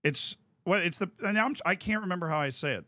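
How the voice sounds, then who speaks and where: A man's voice: sits high, expressive, quick pace, bright, forceful tone, a little hiss or hum. An American man hosting a stream, chatting casually in a rambling, playful way that keeps interrupting itself. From United States. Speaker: streamer host. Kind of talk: casual chat.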